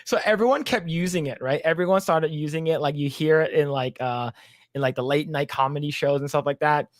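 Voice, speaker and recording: A man's voice: a little high, a little fast, no echo, clean studio sound. A man co-hosting a casual podcast chat, rambling with many fillers and laughing as he retells jokes. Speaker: podcast co-host.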